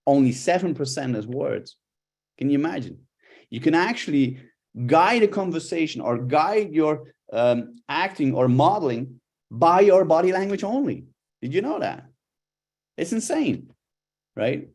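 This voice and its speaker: A middle-aged man, a body language coach, giving a live workshop talk with lively, expressive intonation. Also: a little high, a little slow.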